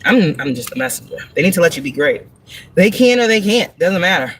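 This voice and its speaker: A woman's voice: fairly low pitch, very animated, a little fast, slightly rough. A woman reads tarot live, blunt and heavy on profanity. She drives each point home with rhetorical questions and breaks into laughter often. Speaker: tarot reader on a livestream. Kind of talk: live tarot reading monologue.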